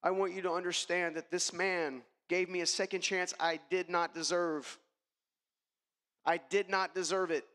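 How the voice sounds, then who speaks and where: A man with a notably high voice delivers a motivational keynote, telling his own story with emphasis and calling out to the audience. His words ring through a large hall with a long, trailing reverb. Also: flat delivery, moderate pace, fairly bright tone. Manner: emphatic, addresses the audience directly. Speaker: keynote speaker.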